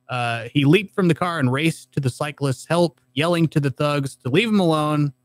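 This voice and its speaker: Male podcast co-host, mid-pitch, dry room, reads out stories and questions them. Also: dry recording. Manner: reads articles aloud, then questions them. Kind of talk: casual chat reading news items.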